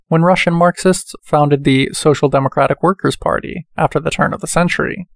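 A man reading a book aloud in a measured way, speaking the quotation marks as he goes. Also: fairly high pitch, gravelly, dry recording, clean studio sound. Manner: measured, reads quotations with quote marks spoken. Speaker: audiobook reader.

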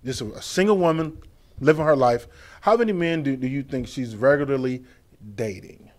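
A man's voice: medium pitch, moderate pace, darkish tone. Guy co-hosting a relationship talk show, casual, repeats himself, slangy. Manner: questioning, repeats words, slangy. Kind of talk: casual chat.

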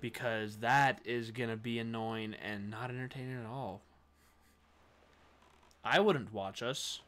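A man's voice: mid-range voice, fairly even intonation, measured pace, fairly bright tone. A man co-hosting a let's play, complaining and teasing his partner in casual banter.

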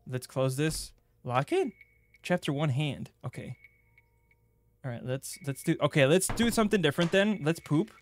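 A young man streaming a game playthrough, joking crudely and bursting into excited yelps. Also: fairly high pitch, normal speed, faint music behind. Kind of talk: gaming playthrough commentary.

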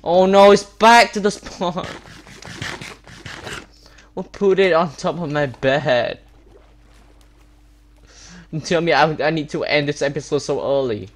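Speaking slowly and pausing often, this man has a fairly high pitch, with slight background noise in the recording. He's a Minecraft YouTuber on a desktop webcam setup, grumbling through gameplay commentary, repeating himself and stumbling over words.

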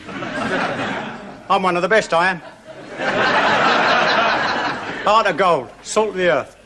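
An actor playing a boastful, nosy busybody in a TV sketch comedy. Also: male voice, high-pitched, animated, measured pace, heavy background noise. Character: cocky working-class male busybody, self-praising.

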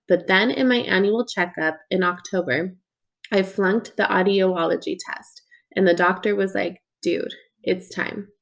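A woman's voice: medium pitch, creaky. Audiobook narrator, woman, earnest and conversational first-person read. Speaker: audiobook reader.

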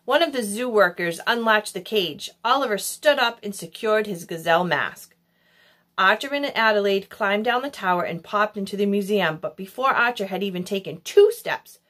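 A woman narrating a children's novel in an expressive storybook style. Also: mid-range voice. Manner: expressive, animated. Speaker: audiobook reader.

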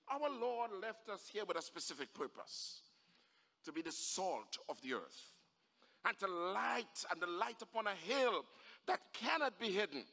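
A man preaching a fervent sermon as pastor, building to shouts, recorded in a church. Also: sits high. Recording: echoey church hall.

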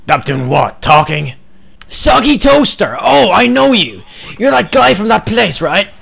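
Guy with a gravelly, kinda high voice, trolling people in game chat, fake earnest. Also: sing-song, measured pace, fairly bright tone. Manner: mock-earnest, playfully provocative. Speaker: game streamer trolling players. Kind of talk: trolling voice chat over gameplay.

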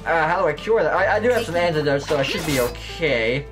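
A man with a slight lisp rambles through casual gameplay commentary, joking at his own expense and swearing now and then. His pitch jumps around in a lively way, and faint music plays underneath. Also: fast talker. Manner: rambling, self-deprecating, swears and laughs. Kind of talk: casual let's-play commentary.

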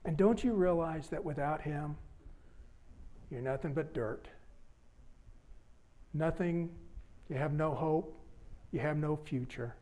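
A preacher voicing a gentle mother donkey who softly scolds her foolish child. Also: a little high, slow pace, long pauses.

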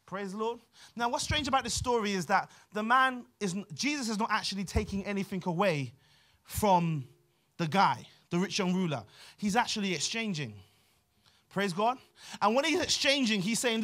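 A man preaching a sermon with a London accent, emphatic and repetitive, often dropping to quieter asides. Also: high-pitched, animated, normal speed. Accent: London English. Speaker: pastor.

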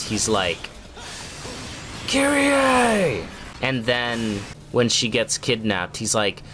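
A man giving casual, rambling gaming commentary, goofy and laughing often. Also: lowish voice.

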